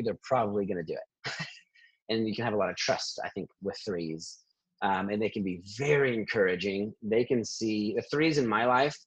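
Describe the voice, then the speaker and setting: A man working as a therapist, talking in a lively conversational interview and laughing often between thoughts. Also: fairly low pitch, breathy edge, lo-fi sound.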